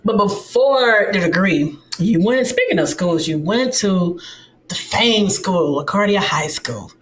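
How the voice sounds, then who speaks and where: Slow-talking woman host in a roomy space. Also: mid-range voice, animated. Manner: halting, restarts her questions. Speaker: interview host. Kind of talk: interview questions. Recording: roomy echo.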